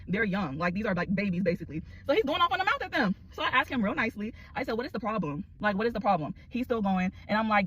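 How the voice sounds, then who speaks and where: A woman telling a story to the camera in animated casual chat, calling out to viewers. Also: medium pitch, lo-fi sound. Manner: animated, exclaiming, addresses viewers as y'all.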